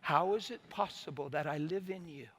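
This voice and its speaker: God speaks in a gentle, calm, unhurried voice, as a male preacher puts him on. The tone is bright and fairly high, each phrase slow and soft. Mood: tender.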